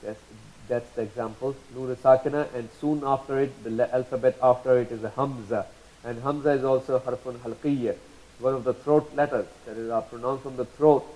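A man teaching Quran recitation rules, patiently repeating each example slowly and drawing out the sounds. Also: medium pitch, fairly even intonation, warm tone, rough recording. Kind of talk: slow tajweed lesson.

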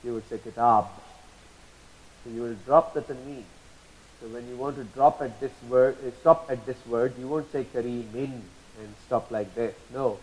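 A man teaching a lesson, patiently spelling out terms, repeating examples slowly and asking checking questions. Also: mid-range voice, fairly even intonation, rough recording. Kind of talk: explanatory lesson.

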